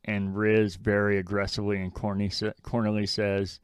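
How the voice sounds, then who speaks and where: A man's voice: fairly low pitch, completely flat delivery, normal speed, clear, resonant tone, no room sound. A man co-hosting a podcast in casual chat, blunt and swearing freely as he mocks lines he quotes. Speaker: podcast co-host.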